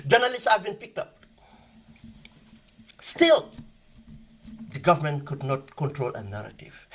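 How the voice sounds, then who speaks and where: A man's voice: high voice, fairly bright tone. A man giving emphatic, impassioned political commentary, repeating phrases for stress. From Gambia.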